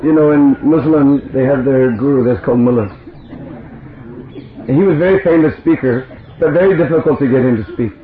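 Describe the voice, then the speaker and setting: A man's voice: medium pitch, brisk. Man telling stories to a crowd, tinny. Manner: lively storyteller, chuckles between lines. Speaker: spiritual speaker. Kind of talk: storytelling talk to a seated audience. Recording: roomy, tinny phone-like audience recording.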